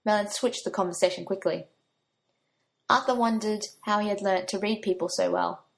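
Woman reading a story out loud, plain middle voice, lightly acts the guys' lines. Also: medium pitch, fairly even intonation, moderate pace, creaky. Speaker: narrator.

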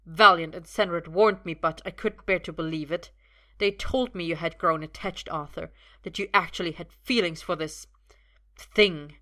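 Uther, a cold, scornful middle-aged father with a gun, sneers low and menacingly in a storybook reading, with a forceful, bright edge on his words, as a woman puts him on. The tone is low for a woman's voice. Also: normal speed. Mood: cold contempt.

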